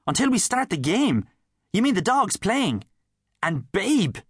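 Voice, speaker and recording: A man's voice: medium pitch, animated, normal speed, a bit bright, no room sound, clean studio sound. A man with an Irish accent voicing a cocky, sarcastic town boy in an audiobook. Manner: cheeky, sarcastic. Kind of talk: audiobook character voice.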